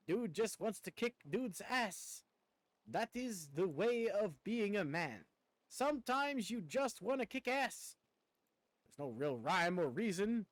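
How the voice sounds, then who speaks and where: A male streamer talks through his game in loose, rambling commentary, tripping over his words and mocking himself. His voice sits high and swings widely in pitch. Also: no room sound. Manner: rambling, stammering, self-mocking. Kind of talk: casual gameplay commentary.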